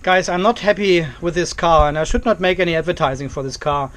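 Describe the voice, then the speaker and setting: A man's voice: on the high side, fairly quick, a bit bright. Exasperated man ranting to camera. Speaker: car vlogger. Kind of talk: casual vlog to camera. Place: home carport, outdoors.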